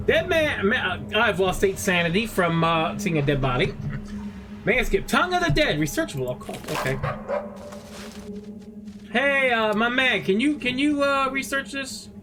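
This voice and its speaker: A man with a high-sitting, very animated voice streams a horror game at normal speed, muttering commentary to himself. He swears often and breaks into sudden outbursts, with game music playing beneath his voice as background noise.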